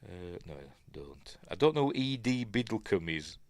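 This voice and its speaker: A man's voice: low voice, very animated, moderate pace, no echo, clean studio sound. A middle-aged man with a Yorkshire accent hosts a casual film breakdown, rambling and muttering asides to himself as he wonders aloud. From Yorkshire, England. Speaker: film review host.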